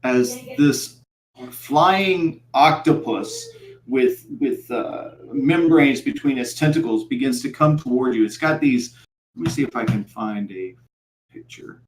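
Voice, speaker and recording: A man acts as game master for a tabletop game, narrating haltingly with plenty of fillers. His voice is mid-range, and the recording is reverberant.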